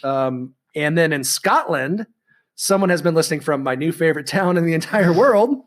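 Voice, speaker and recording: Chatty man co-hosting a podcast, higher voice. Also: expressive, moderate pace. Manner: rambling, chatty, frequent ums and restarts. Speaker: podcast co-host. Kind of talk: casual podcast chat.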